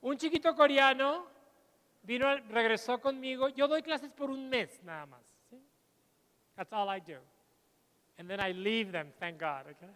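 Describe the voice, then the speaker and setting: A middle-aged man, giving a lively plenary talk to teachers and telling anecdotes. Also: sits high, moderate pace. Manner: lively, switches between English and Spanish, tells anecdotes. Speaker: conference speaker. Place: large lecture hall. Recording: long hall reverb.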